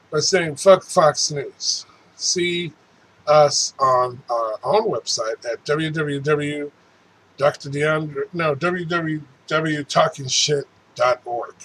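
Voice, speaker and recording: Man, show host, angry profane rant, stammers, high-pitched, bright voice. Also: a little hiss or hum, rough recording. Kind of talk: political rant.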